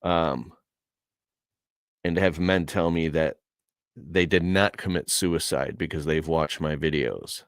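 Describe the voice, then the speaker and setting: A man's voice: a bass voice, slow, long pauses, no echo. A man telling a personal story in a casual, heartfelt way, earnest and emotional, with casual slang.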